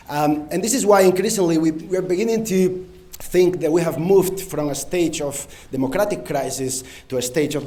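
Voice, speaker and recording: A man with a Spanish accent gives a keynote from a conference stage, his voice a little higher than most men's. He fills his pauses with ums and uhs and speaks straight to the crowd, asking them to stand or raise a hand. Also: mellow. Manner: frequent ums and uhs, engages the audience with direct prompts.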